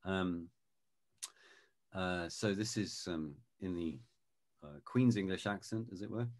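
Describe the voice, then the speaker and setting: A man talking as an expert guest in a video-call interview, explaining in a thoughtful, measured way and demonstrating sounds. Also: sits low, darkish tone. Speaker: guest expert on Shakespeare pronunciation.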